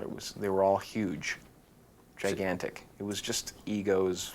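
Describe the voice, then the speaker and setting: A man being interviewed as an actor guest, answering with deadpan jokes and bursting into silly voices. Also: deep voice, a little slow, slight background noise.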